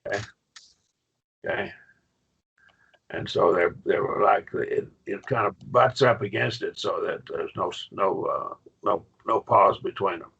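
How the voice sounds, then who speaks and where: A man's voice: low-pitched, unhurried, creaky, fairly bright tone, breathy edge, highs cut off. A man teaching a Greek grammar class online, patient and questioning, with frequent okays.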